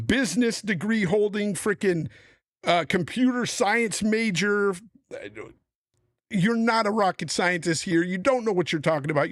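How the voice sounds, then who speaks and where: A man's voice: high voice, no echo, studio quality. Angry middle-aged man ranting. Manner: angry, profane, emphatic ranting. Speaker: podcast host. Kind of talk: heated panel rant.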